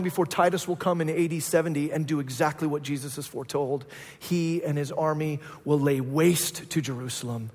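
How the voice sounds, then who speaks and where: Man, pastor, high voice, sermon, long hall reverb, swelling emphasis. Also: fairly even intonation, fairly quick. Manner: preaching with swelling emphasis, rising to loud peaks.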